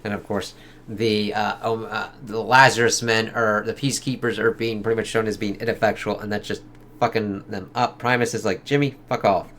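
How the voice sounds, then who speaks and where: A man's voice: on the low side, level tone, brisk, fairly bright tone, a little hiss or hum. A man giving a casual, rambling spoken review of a comic book, swearing a lot. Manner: rambling, heavy swearing, lots of fillers.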